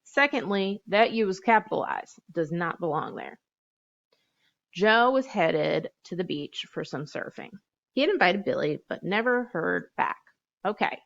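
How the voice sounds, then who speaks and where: A woman's voice: medium pitch, fairly bright tone. Playful woman teacher, muffled recording. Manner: chatty and playful, spells words out letter by letter. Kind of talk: classroom writing lesson, reading aloud and revising.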